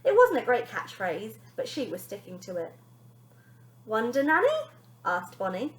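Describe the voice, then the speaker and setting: Expressive teacher reading a children's story. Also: female voice, mid-range voice, moderate pace. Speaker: primary school teacher. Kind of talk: storybook read-aloud for children. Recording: echoey room.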